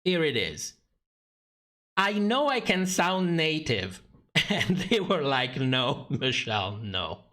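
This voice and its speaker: A man's voice: fairly high pitch, fairly bright tone. A man giving sarcastic, profane livestream commentary on a drag competition show, often laughing mid-sentence.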